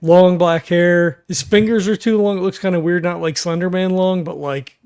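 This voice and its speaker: Halting, slightly high-voiced man player. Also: steady tone, a little mellow, clear, resonant tone. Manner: thinks aloud in halting, stop-start phrases. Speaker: tabletop game player. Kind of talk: casual chat.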